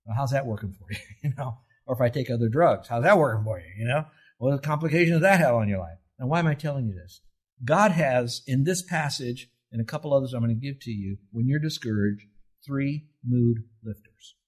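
Middle-aged male pastor, husky, earnest conversational sermon delivery. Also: medium pitch, lively intonation, quick pace. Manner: earnest, conversational preaching with rising emphasis.

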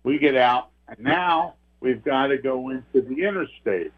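An older man tells a ghost story in a vivid, earnest way. His voice comes through a thin, tinny phone line. He sits at an ordinary middle pitch for a man. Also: unhurried. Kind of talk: telling a personal ghost story.

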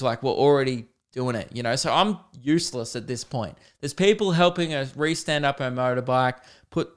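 A man's voice: medium pitch, clear, resonant tone. Self-mocking man telling a story. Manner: animated, self-mocking, swears freely. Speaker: podcast host. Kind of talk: comedic storytelling.

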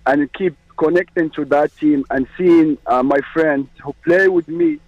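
A man from Morocco calling in to a radio show, speaking earnestly with many halting restarts. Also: a little high, wildly swooping pitch, vocal fry, no room sound. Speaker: caller. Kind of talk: call-in phone chat. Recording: dull lo-fi phone line.

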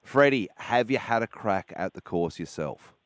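A man's voice: lowish voice, expressive, normal speed, dry recording. An Australian man co-hosting breakfast radio in a studio, wry and teasing. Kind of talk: casual chat. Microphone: studio mic.

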